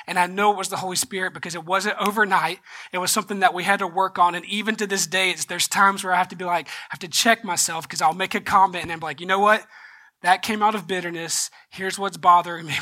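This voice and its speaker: A male pastor preaching a sermon, telling a personal story and often going soft and choked up before rising into earnest exhortation. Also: high-pitched.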